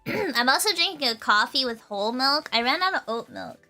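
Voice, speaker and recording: Young woman, streamer, high voice, giggly, casual chat. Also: normal speed, soft background music. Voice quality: giggly, bubbly. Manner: animated, playful, often breaking into laughter. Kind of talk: casual chat reading viewer comments.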